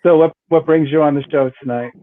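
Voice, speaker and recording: On his live psychic show, an older man talks fast in a slightly high voice with fairly even intonation, chatty and repetitive as he greets a caller by video call. The casual live-stream audio is tinny and phone-like, with faint noise and no echo.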